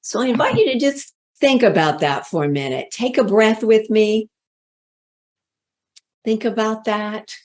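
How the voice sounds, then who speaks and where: A woman giving a motivational talk on leadership as a voice coach, speaking slowly and deliberately with drawn-out emphatic words. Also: on the high side, lively intonation, a little mellow.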